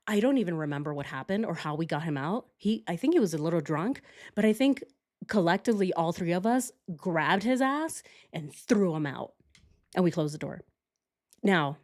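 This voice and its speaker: In a casual chat, a streamer who's a young adult woman tells a story from her own life, speaking openly and with lots of energy and shouting out the lines she quotes. Her voice has a fairly low pitch.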